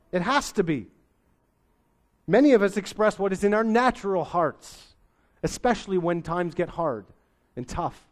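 Middle-aged man, pastor; sermon delivered chatty and folksy, voice sits a bit high. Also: a little mellow. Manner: conversational, folksy preaching with idioms.

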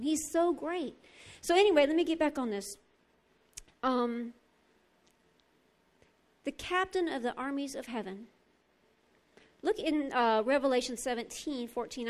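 A woman with a high voice and a drawl preaching a lively sermon. She swings from loud, emphatic bursts down to soft, intimate asides.

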